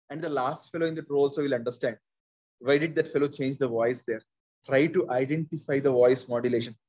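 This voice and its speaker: A man in his forties with an Indian English accent leads a public speaking workshop, repeating his key points and calling on his listeners. His voice sits a little high and sounds husky. He talks in an animated, conversational way. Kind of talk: conversational training session.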